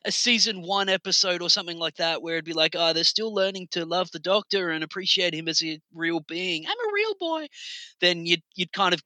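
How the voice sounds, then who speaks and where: A woman co-hosting a casual podcast, lively and quick to laugh. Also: on the low side, dry recording. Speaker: podcast co-host. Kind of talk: casual chat.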